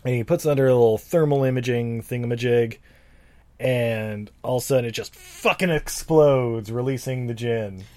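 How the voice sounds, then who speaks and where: A man's voice: mid-range voice, moderate pace, darkish tone. A man co-hosting a podcast, recapping a movie in a casual, rambling, profane way with lots of fillers. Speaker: podcast co-host.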